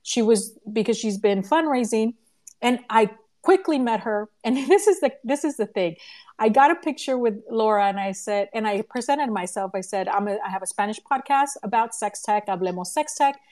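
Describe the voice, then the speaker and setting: A woman's voice: a little high, moderate pace. A woman organizing a conference, telling a story in a casual live audio room with lots of laughter and acted-out quotes. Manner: animated, laughing, acts out quoted voices. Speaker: conference organizer and podcast host. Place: home living room. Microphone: phone or computer mic in a live audio room.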